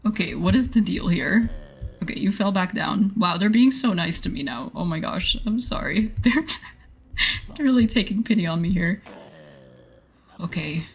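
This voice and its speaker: A woman's voice: medium pitch, lively intonation, normal speed, creaky, long pauses, breathy edge. A young adult woman streaming a game live, often laughing, flustered and apologizing to her chat.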